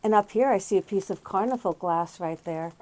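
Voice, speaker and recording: A woman's voice: mid-range voice, brisk, darkish tone. A middle-aged woman hosting a casual tour of antique and thrift shops, pointing out items with fond admiration. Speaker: host touring antique shops. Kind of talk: casual walking shop tour.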